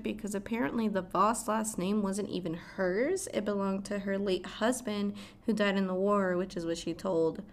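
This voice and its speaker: Animated woman recapping a story. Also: mid-range voice. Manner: animated, swears freely. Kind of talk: casual plot recap.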